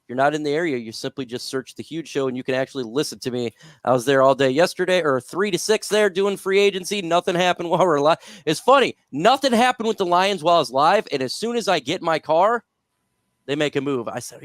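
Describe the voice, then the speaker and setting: A man's voice: on the high side, expressive, quick pace, no room sound, studio quality. A man hosting a casual sports talk livestream, upbeat, plugging his radio spot between takes. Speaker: host.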